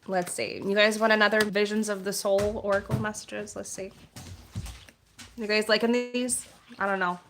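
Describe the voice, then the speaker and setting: A woman reading oracle card messages on a live stream and chatting with viewers, soft-spoken and meandering, with plenty of filler words. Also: mid-range voice, level tone, music in the background. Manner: reads card messages aloud in a gentle measured tone.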